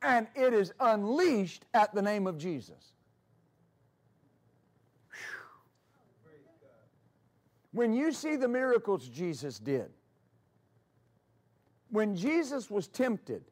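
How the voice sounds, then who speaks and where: A man's voice: high-pitched, big pitch swings, takes it slowly. A man preaching a sermon as pastor, with emphatic repetition and storytelling asides.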